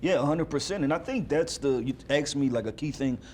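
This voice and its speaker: Rapid-talking football guest analyst. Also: male voice, a little high, darkish tone, slight background noise. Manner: rapid, ends points with "right?". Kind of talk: casual sports talk.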